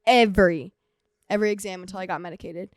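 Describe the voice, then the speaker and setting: As a guest on her sibling's podcast, a young woman earnestly recounts her struggles at school, acting out her old thoughts in quotes during the casual chat. Her medium-pitched voice stays steady and quick, recorded with studio quality and no room sound.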